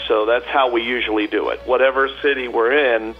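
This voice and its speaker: A man's voice: medium pitch, steady tone, fairly quick, highs cut off, faint music behind. A man guest on a radio interview, a chatty storyteller with many fillers and restarts. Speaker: tribute performer guest.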